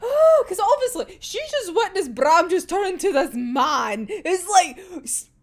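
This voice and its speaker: A woman riffing through her reactions in a loose, chatty way, cursing freely and laughing often. Her voice sits high and swings widely up and down, while her delivery stays unhurried. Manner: animated, swears a lot, laughs often. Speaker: manga reaction commentator. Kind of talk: casual reaction commentary.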